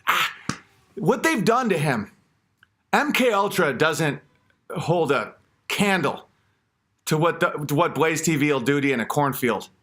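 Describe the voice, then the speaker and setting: A man's voice: on the high side, animated, a little slow, pauses often, sharp tone. A man hosting an online comedy rant, crude and mocking.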